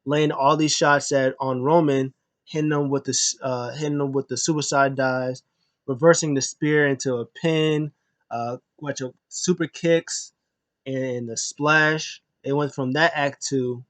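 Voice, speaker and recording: A man giving a casual spoken review of a show, retelling it in an animated way, with frequent restarts and lively acted quotes. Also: medium pitch, measured pace, dry recording.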